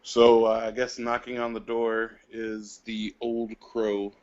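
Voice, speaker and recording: A man's voice: lowish voice, monotone, darkish tone, lo-fi sound. A man playing a tabletop role-playing game, describing his character's actions in a matter-of-fact way. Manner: slow and matter-of-fact, with fillers. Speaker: player.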